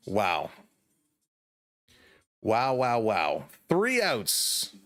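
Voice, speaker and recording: A man's voice: on the low side, extremely slow, pauses often, dry recording. A man from Toronto with a Canadian accent, hosting a live baseball stream, calling play-by-play while chatting with viewers by name, and sounding tired from the late game. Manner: chatty, greets viewers by name, shifts between calm and excited. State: tired, up past bedtime. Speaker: livestream play-by-play host. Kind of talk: casual play-by-play commentary with chat replies.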